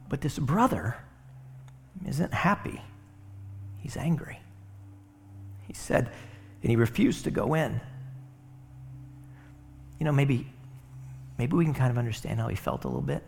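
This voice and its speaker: A man's voice: mid-range voice, big pitch swings, moderate pace, vocal fry, long pauses, slight background noise. Conversational male preacher. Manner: conversational preaching with rhetorical asides. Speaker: pastor. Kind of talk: sermon.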